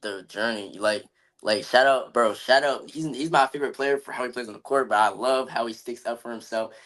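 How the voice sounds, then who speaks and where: A man's voice: medium pitch, a little fast, fairly bright tone, rough recording. Earnest young man talking motivation. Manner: earnest, motivational, says "bro" and "you feel me" a lot. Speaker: podcast guest. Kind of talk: casual podcast chat.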